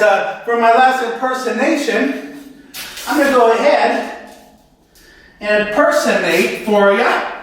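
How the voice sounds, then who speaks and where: Amateur male comic, high lively voice, giggly and rambling, recorded far off in an echoey room. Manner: giggly, rambling, keeps saying "you guys". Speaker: amateur comedian. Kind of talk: homemade stand-up comedy sketch.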